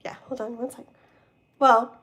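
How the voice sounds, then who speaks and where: A woman's voice: a little high, little pitch movement, moderate pace, a bit bright. A woman doing a casual live tarot reading with a tired, strained voice. She chats and rambles, and reads card meanings aloud. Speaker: tarot reader.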